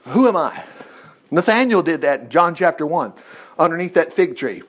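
A man with a high voice that leaps up and down as he teaches from the Bible. He talks casually and with animation, reading the text and stopping for quick remarks of his own. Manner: animated, reads scripture with asides and quick voiced quotes.

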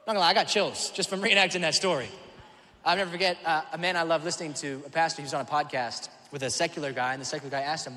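A male pastor preaching a sermon, telling the story in an animated way and acting out voices. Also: on the high side, fast, big-room sound. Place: church auditorium.

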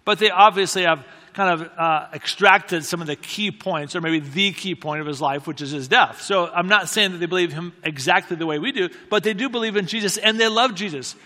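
A man delivers a sermon in story form, his voice on the higher side and ringing bright. He talks conversationally, pokes fun at himself, and circles back to repeat his key phrases. The sound carries the long reverb of a large hall. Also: fairly quick. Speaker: preacher.

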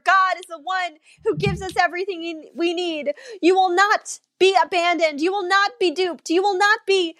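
A woman with a high voice preaches and prays with fervent, repeated declarations. Her voice is close and dry, with no room sound at all. She speaks words of release and blessing straight to the listener. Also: fairly bright tone, no room sound. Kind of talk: prayer and prophetic preaching.

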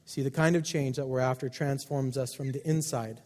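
A man preaching a sermon as pastor, emphatic, with loud stresses and quiet asides. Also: mid-range voice, fairly even intonation, fairly quick. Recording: long hall reverb.

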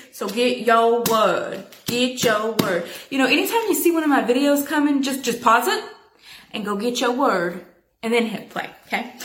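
Woman teaching scripture casually, animated, says y'all a lot, bit of room echo. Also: high voice. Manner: chatty and animated, addresses listeners as y'all. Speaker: Bible teacher.

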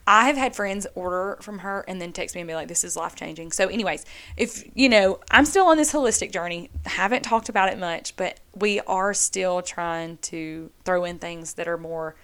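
A woman's voice: fairly low pitch, normal speed, fairly bright tone, clean tone. Chatty woman podcasting solo. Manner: earnest, chatty, addresses listeners as y'all. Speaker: podcast host. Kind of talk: casual solo podcast talk.

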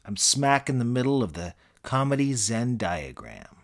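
A middle-aged man giving scripted comedic narration in a deadpan, self-aggrandizing manner. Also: medium pitch, normal speed.

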